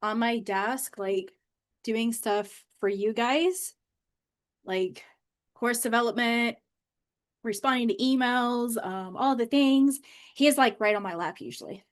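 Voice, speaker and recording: A bubbly woman talks casually to a live stream, her voice sitting a little high. She keeps the tone loose and chatty, tossing in plenty of fillers as she talks from her home office. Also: slow. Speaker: manifestation coach.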